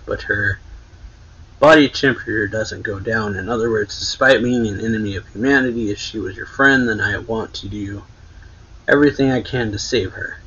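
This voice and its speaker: A man's voice: mid-range voice, bright, forceful tone, husky. A man reading a cold, manipulative officer. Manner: read plainly in the narrator's own voice. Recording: dull lo-fi sound.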